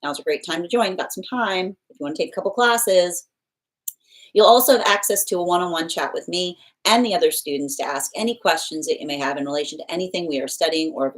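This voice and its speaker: Chatty laughing woman tarot streamer. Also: fairly low pitch. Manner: chatty, laughs often, many restarts. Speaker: tarot reader and livestream host. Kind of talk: casual livestream chat with viewers.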